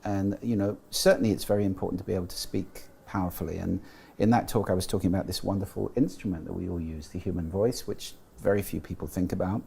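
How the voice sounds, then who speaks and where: A man's voice: low-pitched, fairly even intonation, quick pace, creaky, hardly any pauses, mellow, a little hiss or hum. A British man talking in an interview, explaining carefully, with frequent restarts and fillers. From Britain. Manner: thoughtful, explanatory, with frequent restarts and "you know". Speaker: guest, sound and speech expert. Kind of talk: interview conversation.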